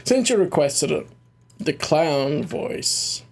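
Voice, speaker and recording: A man's voice: fairly high pitch, expressive, slow pace, creaky. A man casually chatting while he plays through a game on stream, laughing often and restarting his sentences as he talks. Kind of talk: casual let's-play chat.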